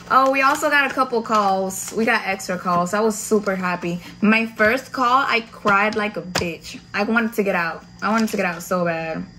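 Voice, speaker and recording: A young woman from the United States tells her story like a chat with friends, blunt and full of slang and swearing. Her voice sits at a middle pitch. A faint hum of ambience stays under her voice. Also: a bit bright. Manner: slangy, profane, candid. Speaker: vlogger recounting Navy boot camp. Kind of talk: casual storytime vlog.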